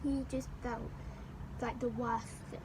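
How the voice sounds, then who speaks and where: A young woman vlogger telling a school story in a rambling, animated way, looping back over the same phrases. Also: fairly high pitch, a little slow, noisy background. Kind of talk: storytime chat.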